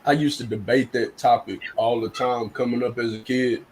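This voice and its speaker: A man's voice: medium pitch, fairly even intonation, normal speed, darkish tone, poor audio. A man speaking bluntly and earnestly in casual live-stream chat, often restarting and repeating words.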